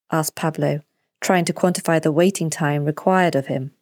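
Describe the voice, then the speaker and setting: A woman narrating a children's story as the storyteller, in a clear and deliberate way. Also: sits low, level tone, a little mellow, dry recording, studio quality.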